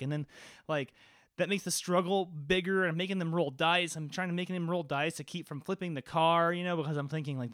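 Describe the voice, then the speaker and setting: A man's voice: on the high side, brisk, fairly bright tone, no echo, studio quality. A man who is a game master, recounting a tabletop session in casual podcast chat, rambling with lots of "like" fillers and swearing. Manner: rambling, profane, full of "like" fillers.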